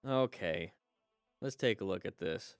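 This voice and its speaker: A man hosting a live stream, reviewing motorcycle crash videos and coaching viewers with lively exclamations. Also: low-pitched, measured pace, music in the background.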